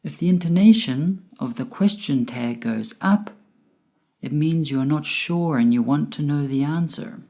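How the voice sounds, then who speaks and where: A woman with a low, mellow voice narrates a grammar lesson. She speaks at an unhurried pace and pronounces each word clearly, like a teacher reading from a script. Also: lively intonation. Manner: slow, careful, clearly enunciated explanation. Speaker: English teacher.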